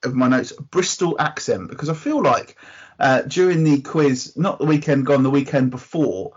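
A man's voice: mid-range voice, moderate pace, breathy edge. An Englishman co-hosting a podcast in casual chat, talkative and opinionated, given to ranting. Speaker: podcast co-host. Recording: dull lo-fi podcast audio.

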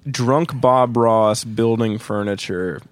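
A man's voice: lowish voice, slow pace, clear, resonant tone. A man co-hosting a casual podcast, goofy and rambling, laughing often. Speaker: podcast co-host, band member.

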